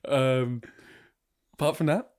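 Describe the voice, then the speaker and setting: A young man, co-hosting a casual podcast in an even, mid-pitched voice. He rambles, restarts his sentences and laughs easily as he tells a story. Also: takes it slowly, smooth. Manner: giggly, rambling, restarts a lot. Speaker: podcast co-host.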